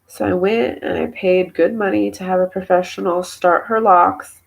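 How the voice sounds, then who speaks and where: A woman's voice: medium pitch, expressive, normal speed, vocal fry, few pauses, poor audio. A young woman and mother, tearful and emotional, venting at length in a personal vlog, rambling with many fillers. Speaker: mother talking to camera.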